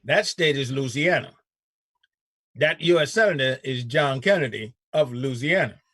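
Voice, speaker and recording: Husky-voiced talk show host. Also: male voice, medium pitch, normal speed, dry recording, studio quality. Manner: animated, riffing with repeated restarts. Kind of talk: casual chat.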